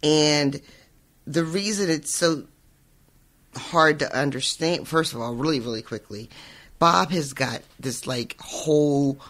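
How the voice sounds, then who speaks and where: A man's voice: on the high side, slow pace, fairly bright tone. A man co-hosting a podcast, summarizing book chapters in a rambling way, with frequent laughter and fillers. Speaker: podcast co-host. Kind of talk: casual book discussion chat.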